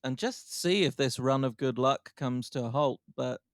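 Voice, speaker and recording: A man's voice: mid-range voice, normal speed, dry recording, studio quality. A man hosting a podcast, chatting casually with a wry, self-mocking humor and frequent laughs. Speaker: podcast host. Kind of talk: casual chat.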